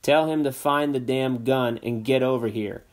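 A man's voice: medium pitch, steady tone, unhurried, darkish tone, lightly acted. A man reading a stern impatient father.

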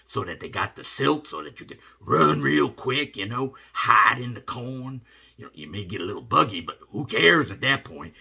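A middle-aged man, telling a rambling comic story in a folksy, animated way. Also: sits low, creaky, husky. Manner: animated, rambling, drops to hushed asides.

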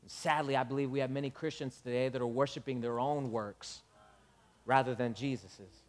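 A man preaching a sermon as pastor, animated, acting out dialogue and building up to shouts. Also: medium pitch, moderate pace.

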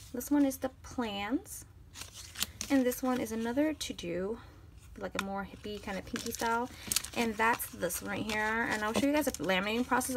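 A woman's voice: fairly high pitch, vocal fry, slight background noise. A woman chatting to her viewers as she unboxes planner supplies, gushing over each item as she handles it. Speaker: planner vlogger. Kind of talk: casual unboxing haul.

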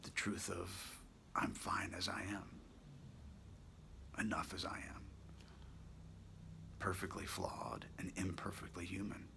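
A man giving a reflective personal monologue for his daily video blog, soft-spoken and half-whispered, musing with pauses and self-corrections. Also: low-pitched, little pitch movement, vocal fry.

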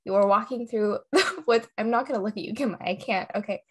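A woman's voice: medium pitch, a little fast, husky. A woman co-hosting a casual podcast, telling a scary story with suspense, swearing freely and breaking into giggles. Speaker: podcast co-host.

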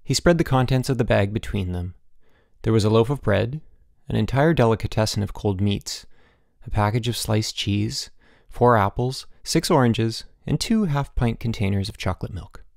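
Gravelly low male audiobook narrator. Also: normal speed, no room sound, clean studio sound. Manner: steady storytelling with voiced dialogue. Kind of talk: scripted narration.

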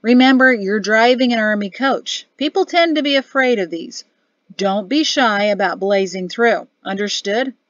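A woman's voice: medium pitch, moderate pace, no echo, muffled recording, close to an everyday voice. Woman voicing a grumbling army officer father. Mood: commanding. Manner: sulky, sardonic complaining.

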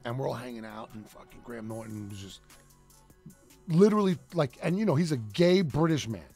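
A man's voice: mid-range voice, animated, a little fast, dark tone, faint music behind. A man co-hosting a radio show, telling stories in loose, profane casual banter. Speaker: co-host.

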